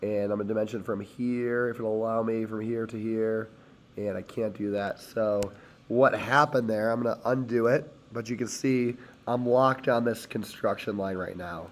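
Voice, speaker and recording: Hoarse man walking through a CAD tutorial. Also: lowish voice, fairly even intonation, moderate pace, slight background noise. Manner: step-by-step, talks while clicking. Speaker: teacher. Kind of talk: screen-recorded CAD tutorial.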